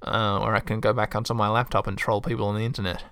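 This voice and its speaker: A man's voice: on the low side, little pitch movement, fast talker, fairly bright tone, no echo, studio quality. A man reading out a text adventure and chatting wryly about his choices as he plays. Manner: wry, chatty, swears casually. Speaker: game streamer. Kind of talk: reading and playing a text game aloud.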